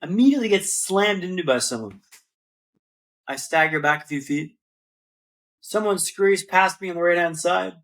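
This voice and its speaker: A man with a notably high voice tells his story as a podcast guest. He builds each scene in rhythmic repeated phrases and keeps calling the host "man". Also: animated, moderate pace, long pauses, fairly bright tone. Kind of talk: dramatic storytelling in an interview.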